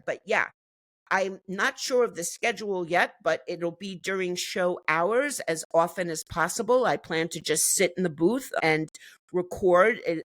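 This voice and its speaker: A woman's voice: on the low side, fairly bright tone, no echo. A woman from the United States chatting enthusiastically as an interview guest, now and then laughing as she talks. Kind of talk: casual interview chat.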